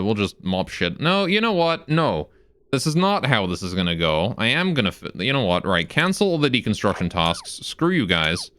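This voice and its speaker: A man's voice: medium pitch, fairly bright tone. A man streaming a game live, cursing and muttering as he plays and breaking off to chat with viewers. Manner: talks to viewers between game instructions. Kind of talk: live gameplay commentary.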